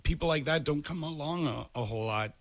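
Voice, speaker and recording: A man's voice: a little high, fast talker, no echo. A man hosting a podcast in casual chat, rambling and opinionated. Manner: rambling, opinionated, laughs easily. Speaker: podcast host.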